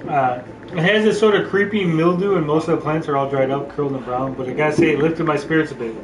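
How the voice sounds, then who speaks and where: A man's voice: a little high, fast, recorded from a distance, noisy background. A man hosting a casual gameplay session, joking, rambling and reading the game's text aloud. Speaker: let's play host. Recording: roomy sound from off-mic, game music. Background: game music.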